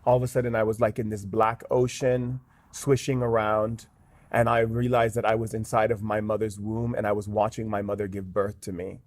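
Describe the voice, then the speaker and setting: A man's voice: lowish voice, flat delivery, moderate pace, darkish tone, dry recording. A man, a guest shaman in an interview, telling a story earnestly with many fillers. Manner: earnest, with frequent "um" and "like".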